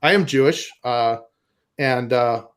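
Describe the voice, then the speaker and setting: A man's voice: medium pitch, slow pace, clear, resonant tone. A man from Minnesota doing a stand-up set on a live comedy stage, rambling, self-deprecating and laughing at his own jokes. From Minnesota, USA.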